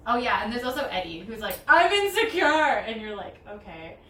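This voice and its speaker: A young woman chats casually during a craft session, giggling and rambling through a long story in bursts of animated quoted voices. She sits well back from the mic in a roomy, echoing space. Steady noise hangs behind her. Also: medium pitch, fast. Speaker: DIY crafter. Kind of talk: casual chat. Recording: echoey, distant, noisy room mic.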